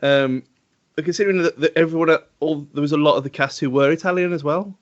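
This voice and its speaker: A man's voice: fairly high pitch, fast talker. A man co-hosting a podcast, chatting about a film in a rambling, hesitant way and laughing often. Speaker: podcast co-host. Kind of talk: casual film-review chat. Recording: dull lo-fi podcast audio.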